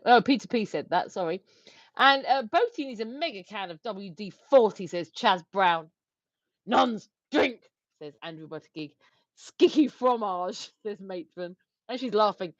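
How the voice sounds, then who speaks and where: A woman's voice: medium pitch, dry recording, lo-fi sound. A woman co-hosting a casual livestream, giggling as she reads viewer comments aloud. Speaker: livestream co-host.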